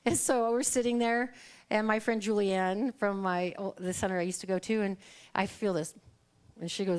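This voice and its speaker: A woman's voice: medium pitch, normal speed. A middle-aged woman giving a conversational sermon, telling personal stories, acting out quoted dialogue and laughing often. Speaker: guest speaker at a Sunday service.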